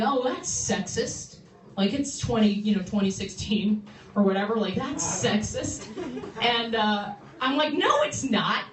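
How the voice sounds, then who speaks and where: A young woman doing a stand-up set, dry and self-deprecating, with quick asides to the audience. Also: high voice. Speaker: stand-up comedian. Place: small bar comedy room. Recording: roomy, from far off the mic. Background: audience laughter.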